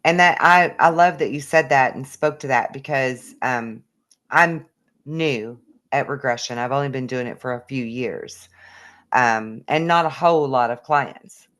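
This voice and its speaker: A woman's voice: extremely low pitch, a bit bright. A woman, a newer regression therapist, chatting casually and readily agreeing. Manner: agreeable, quick to affirm. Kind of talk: casual conversation.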